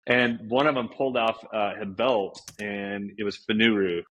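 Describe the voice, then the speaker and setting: Man, podcast guest, animated storyteller, lowish voice, forceful tone. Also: normal speed, lo-fi sound, slight background noise. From United States. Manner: animated storyteller, acts out quoted dialogue with big pitch jumps. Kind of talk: casual storytelling interview.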